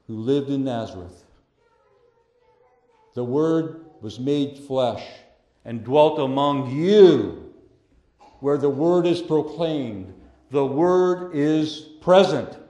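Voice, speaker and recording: A man preaches from the pulpit, repeating key phrases and swinging between loud declarations and quiet, hushed lines. His voice sits somewhat high and he takes his time. The church room around him rings with echo. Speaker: pastor. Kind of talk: sermon.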